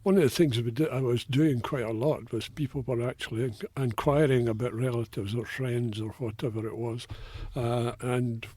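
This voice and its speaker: Older Scottish man, husky voice, anecdotal and chatty, dry close sound, interview guest. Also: mid-range voice, steady tone, normal speed, hardly any pauses, warm tone, no room sound. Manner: chatty, anecdotal, many fillers. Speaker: interview guest, local war researcher. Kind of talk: casual radio interview.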